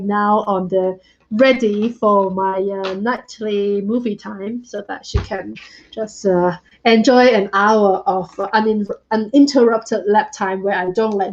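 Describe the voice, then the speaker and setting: A woman's voice: mid-range voice, highs cut off. A woman hosting a casual drawing chat, rambling with many fillers. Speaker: host. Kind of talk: casual chat while doodling.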